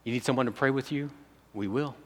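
A man's voice: mid-range voice, fast. A man preaching a sermon as pastor, speaking conversationally and putting direct questions to his congregation. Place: church sanctuary. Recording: long reverb of a church hall.

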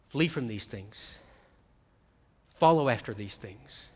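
A middle-aged man preaching a sermon as pastor, swinging from hushed, quiet stretches to emphatic ones. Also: medium pitch, lively intonation, slow, slightly rough, big-room sound.

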